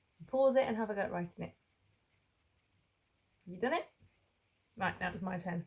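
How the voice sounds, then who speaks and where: A woman teaching young children to spell, sounding out each letter slowly and carefully. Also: medium pitch, darkish tone. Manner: slow, drawn-out sounding out of letters. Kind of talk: phonics lesson for young children.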